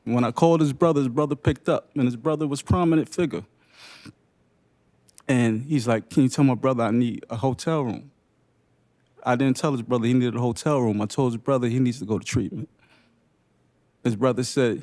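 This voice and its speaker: A young man speaking unscripted at a public briefing, sharing his own story in short, halting, emotional phrases. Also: medium pitch, darkish tone. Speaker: panelist sharing lived experience. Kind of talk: unscripted personal testimony at a briefing.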